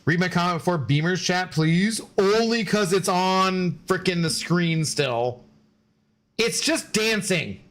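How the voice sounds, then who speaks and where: A man's voice: high voice, measured pace, few pauses, a bit bright. Joking, rambling streamer man. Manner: rambling, joking, reads and answers chat. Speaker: gaming streamer. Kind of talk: casual live-stream chat.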